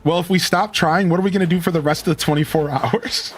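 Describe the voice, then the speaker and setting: A man's voice: on the high side, fairly even intonation, fast, faint music behind. A man streaming a video game in casual chat, rambling and repeating a single word as he tests something. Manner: chatty, trails off, repeats a word over and over.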